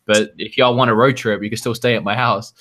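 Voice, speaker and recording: A man's voice: on the low side, steady tone, a little fast, pushed and bright. A man chatting as a guest on a gaming podcast, joking around. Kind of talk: casual chat.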